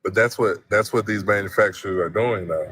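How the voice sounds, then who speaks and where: Low-voiced man explaining, dry sound. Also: fairly quick, a bit bright, husky, no echo. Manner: explaining, repeats words as he goes. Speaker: guest on stream. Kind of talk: casual chat.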